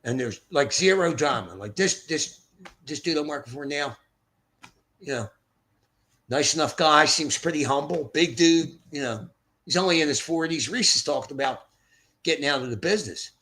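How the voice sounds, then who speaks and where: Over a streaming setup mic, an older man from Philadelphia hosts a livestream full of blunt, profane rambling chat. His fairly high voice has lively intonation and a bright, forceful tone at a moderate pace.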